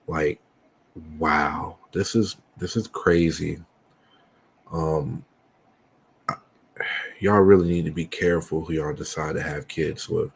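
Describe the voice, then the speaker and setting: A man hosting a reaction video, talking softly and hesitantly with many fillers. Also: a bass voice, steady tone, takes it slowly, gravelly, long pauses, slight background noise. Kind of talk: casual reaction commentary.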